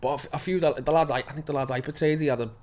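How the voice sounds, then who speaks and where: A man's voice: a little high, steady tone, racing, a little mellow. A young man, a guest actor talking casually, rambling, swearing often and laughing as he goes. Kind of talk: casual chat.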